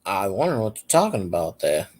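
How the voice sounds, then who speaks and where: A man in a casual chat who chimes in with quick side stories and easy agreement. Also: on the low side, big pitch swings. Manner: chatty, jumps in with side stories.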